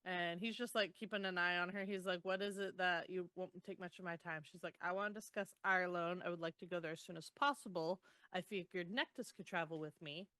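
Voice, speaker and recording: A woman's voice: on the low side, a little fast, few pauses, no room sound. Woman recapping a book, dry close sound. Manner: animated retelling, groans and laughs. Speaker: podcast co-host. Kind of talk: casual book recap chat.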